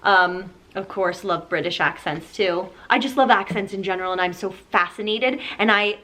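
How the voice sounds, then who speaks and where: An American woman co-hosts a relaxed podcast conversation. She talks with enthusiasm and keeps chiming in with agreement. Her voice sits at a middle pitch. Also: poor audio. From United States. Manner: enthusiastic, agreeable, quick interjections. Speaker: podcast co-host. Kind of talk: casual chat.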